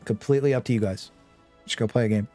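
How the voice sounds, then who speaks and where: A man's voice: medium pitch, steady tone, fast talker, warm tone, soft background music. A young man casually chatting with his viewers during a game live stream, rambling and joking, often with a laugh. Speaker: gaming streamer.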